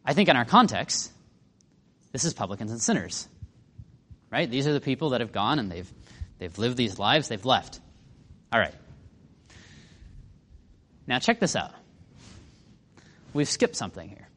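A man's voice: mid-range voice, very animated, measured pace, long pauses, fairly bright tone, long reverb tail. A man teaching a Bible lesson in a conversational way, putting questions to his listeners.

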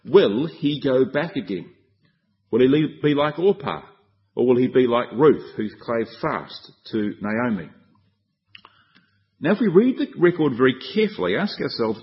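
A man preaching a Bible exposition sermon, asking rhetorical questions and acting out the quoted speech. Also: mid-range voice. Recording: dull lo-fi recording.

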